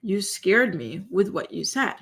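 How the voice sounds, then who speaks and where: A woman hosting a live commentary stream, talking in an animated, incredulous, exclamatory way and reacting to her chat. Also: medium pitch, unhurried, creaky, slightly rough. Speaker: commentary show host.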